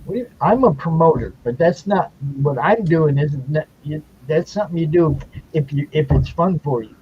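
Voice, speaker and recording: A man's voice: on the high side, normal speed, breathy edge. An older man hosting a comic talk show, chatting casually and rambling with restarts. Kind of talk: casual chat. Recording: muffled stream audio with faint noise.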